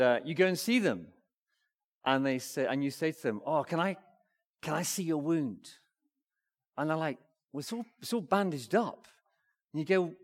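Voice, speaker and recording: A man giving a family-friendly sermon, asking the congregation questions and talking back and forth with them in a lively way. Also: on the high side. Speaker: preacher. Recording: long hall reverb.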